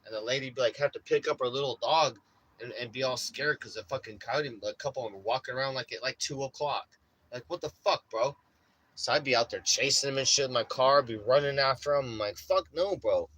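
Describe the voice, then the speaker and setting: A man's voice: mid-range voice, a little fast, fairly bright tone, slightly rough, low-quality recording. Profane rambling man telling a story. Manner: profane, rambling, says bro a lot. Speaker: vlogger. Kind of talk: casual storytelling.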